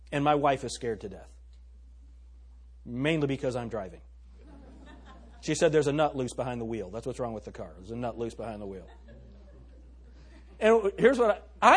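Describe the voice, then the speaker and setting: Pastor, middle-aged man, husky and lively, emphatic sermon with questions to the congregation. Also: a little high.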